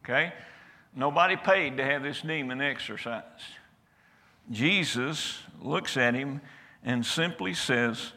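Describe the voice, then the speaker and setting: A man's voice: medium pitch, a little slow, bright, forceful tone. An older man preaching a folksy sermon that builds to emphatic declarations in a church. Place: church sanctuary. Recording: reverberant church hall.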